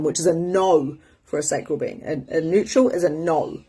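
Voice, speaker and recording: A woman in her thirties talks candidly and with animation in a casual motivational chat. Her voice sits on the low side and has a husky edge. Now and then she jumps up high to mimic a friend. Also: moderate pace, dark tone. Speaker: host.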